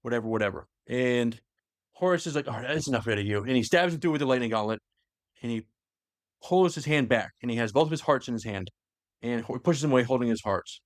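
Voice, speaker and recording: Podcast guy retelling the story quick, lots of "like" and restarts, dry close sound. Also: medium pitch, no room sound. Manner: rambling storyteller, heavy use of "like", many restarts. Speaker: podcast host. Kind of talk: casual lore recap chat.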